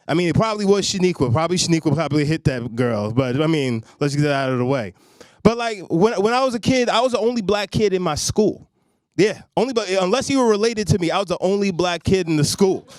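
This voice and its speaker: A man's voice: high-pitched, fast, dry recording, clean studio sound. Loose conversational male stand-up comic. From Long Island, New York. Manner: loose, conversational, addresses crowd directly. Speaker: stand-up comedian. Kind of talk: stand-up comedy set. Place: comedy stage in a studio.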